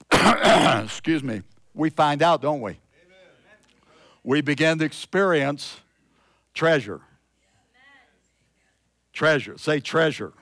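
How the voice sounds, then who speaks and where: Man, pastor, sermon, emphatic preaching, loud-to-hushed swings, dry close mic. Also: on the high side, no echo.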